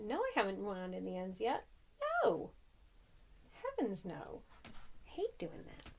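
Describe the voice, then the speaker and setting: A woman's voice: medium pitch, a little hiss or hum. An American woman, a young adult, chatting casually and rambling a bit as a crochet podcaster, cheerfully self-deprecating. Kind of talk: casual chat.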